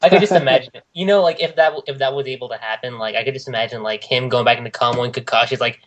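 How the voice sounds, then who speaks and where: A man's voice: mid-range voice, very fast, hardly any pauses. A man in casual podcast chat, easygoing and reflective. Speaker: podcast co-host.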